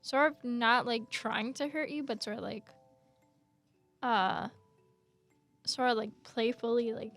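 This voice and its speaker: A woman's voice: fairly high pitch, steady tone, slow, vocal fry, pauses often, a bit bright, soft background music. A young adult woman narrating a tabletop game as game master, with lots of fillers and hesitations.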